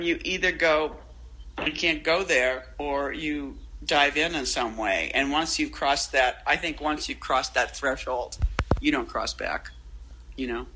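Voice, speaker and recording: A woman poet chatting as a guest in a rambling, self-interrupting, animated way. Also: medium pitch, poor audio. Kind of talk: casual interview chat.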